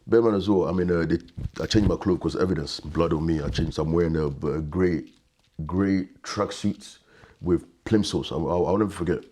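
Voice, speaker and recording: A man, telling a painful personal story as an interview guest, halting and repeating words, often quiet and subdued. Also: low-pitched, slightly rough.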